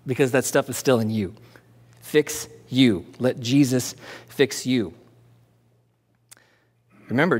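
A man's voice: mid-range voice, long reverb tail. A man preaching a conversational sermon as pastor, with demonstrations.

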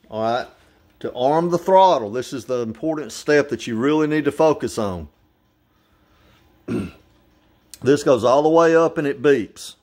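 An older man giving a casual, folksy how-to demonstration at home, plain-spoken and walking through each step. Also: medium pitch. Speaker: hobbyist demonstrating a model plane.

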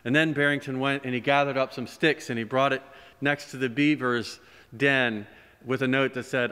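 A man, a pastor, telling a story during a sermon in a gentle, animated way, recorded in a church. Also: medium pitch, normal speed, smooth. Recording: long church reverb.

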